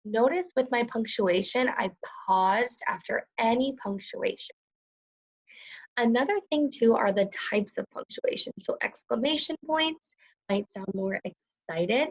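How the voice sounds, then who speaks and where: A young woman gives a recorded lesson to second graders. Her voice sits in a middling range, and she speaks slowly and crisply with an encouraging, clear delivery. The recording sounds a little dull and lo-fi. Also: mid-range voice.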